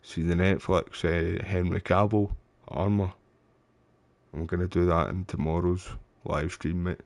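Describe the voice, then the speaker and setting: Gravelly deep-voiced Scottish man streaming. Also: flat delivery, unhurried, no room sound. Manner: chatty, frustrated, keeps saying mate and bro. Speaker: game streamer. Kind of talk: live gameplay commentary.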